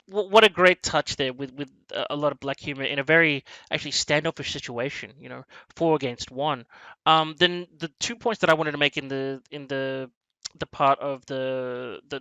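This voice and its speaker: A man hosting a casual film discussion, rambling and animated, with many restarts as he acts out lines from scenes. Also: medium pitch, clear, resonant tone, no room sound, dull audio. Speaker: movie review podcast host.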